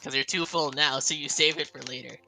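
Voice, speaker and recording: A man's voice: fairly high pitch, steady tone, brisk, creaky, pushed and bright. A man narrating as game master of a tabletop game, teasing the players playfully.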